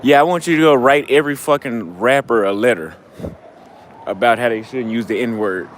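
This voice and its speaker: A man's voice: mid-range voice, moderate pace, slight background noise. A man vlogging outdoors on a city street at night into a handheld camera. He is a little tipsy and out of breath, and he rambles loosely and profanely, often trailing off mid-thought. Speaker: travel vlogger. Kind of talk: casual street vlog monologue.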